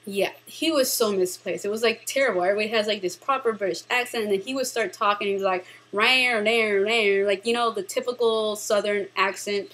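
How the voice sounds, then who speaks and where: A woman's voice: mid-range voice, fast talker, few pauses, fairly bright tone, poor audio. A woman hosting a casual movie review vlog, talking in a chatty, rambling, sarcastic way.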